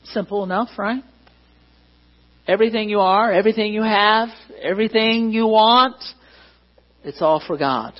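A man's voice: high-pitched, moderate pace, long pauses, lo-fi sound. A man preaching a sermon as pastor, conversational and self-deprecating, often asking the congregation questions.

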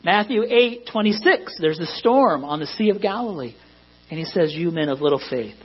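High-voiced husky preacher, lo-fi hum. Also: male voice, expressive, moderate pace. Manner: conversational, rising to emphatic peaks. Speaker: pastor. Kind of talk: sermon. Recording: dull lo-fi recording with mains hum.

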